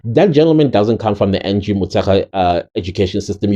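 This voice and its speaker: A man's voice: expressive, quick pace, mellow, lo-fi sound. A man giving indignant, emphatic opinion commentary on a video channel. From South Africa. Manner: indignant, emphatic, swings pitch sharply when stressing words. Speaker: commentary vlogger.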